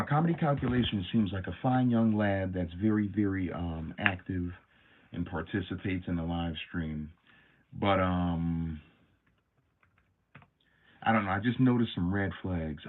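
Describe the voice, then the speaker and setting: A man hosting a livestream, telling a story in an animated, slangy, casual way. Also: deep voice, normal speed. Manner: animated, slangy, many fillers. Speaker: livestream host. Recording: tinny phone-like sound.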